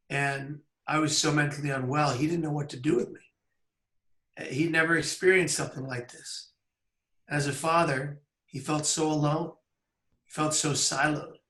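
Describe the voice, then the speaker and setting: A man in his thirties telling a personal story on camera in an earnest, measured way with pauses. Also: a little high, fairly bright tone, roomy sound. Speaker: public speaker. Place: outdoors by a bridge.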